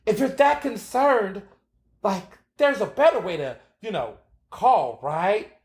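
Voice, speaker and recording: A man hosts his own podcast, talking in a sassy, animated way with plenty of fillers and swearing. His voice sits a bit high. The room around him is noticeably echoey. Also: slow. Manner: sassy, animated storytelling with frequent fillers and profanity. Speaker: podcast host. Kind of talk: casual opinion monologue.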